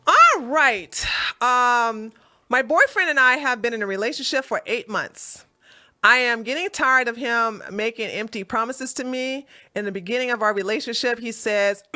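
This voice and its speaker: A woman's voice: fairly high pitch, bright, forceful tone. A woman hosting a relationship advice livestream, reading out a viewer's question and answering bluntly with sassy, mocking remarks.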